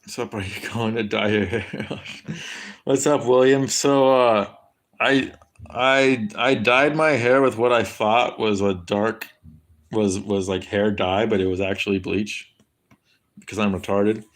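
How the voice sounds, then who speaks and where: A man's voice: lowish voice, steady tone, unhurried. A young American man chatting casually on a livestream, rambling and crude as he answers his chat. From United States. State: high.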